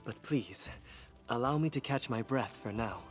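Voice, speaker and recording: A man's voice: mid-range voice, normal speed, soft background music, natural voice. An actor playing an earnest male priest of a sun goddess in a game, speaking in a formal, courteous way. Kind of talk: game character dialogue.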